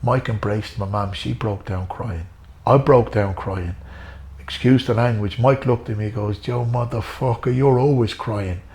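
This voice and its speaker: A man's voice: on the low side, measured pace, darkish tone. A middle-aged Irish man, a former boxer, telling emotional stories in an interview, earnest and repeating himself for emphasis. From Ireland. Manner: earnest, repetitive, addresses the host by name. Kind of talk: emotional storytelling.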